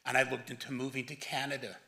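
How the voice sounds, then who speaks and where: Man in his seventies, eulogy for his father, crisp bright tone, voice breaks with emotion. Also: medium pitch, flat delivery, fast. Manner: emotional, voice rising and breaking near tears. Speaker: son giving a eulogy. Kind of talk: funeral eulogy.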